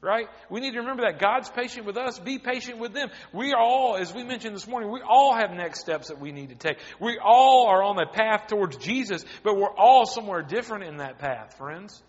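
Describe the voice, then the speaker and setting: A man preaching a sermon as pastor, often dropping quiet for emphasis. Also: sits high, animated, brisk, few pauses, in a large hall, highs cut off.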